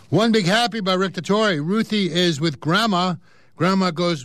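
Male reader of news and comic strips, casual, with offhand asides, higher voice, dry close sound. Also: normal speed, fairly bright tone, dry recording. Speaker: newspaper reader. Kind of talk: reading news and comics aloud.

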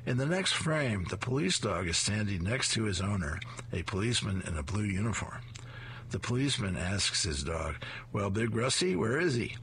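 A man's voice: fairly low pitch, moderate pace, a little hiss or hum. A man hosting a show where he reads comic strips aloud, narrating the panels with animation. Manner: animated, chuckles after punchlines.

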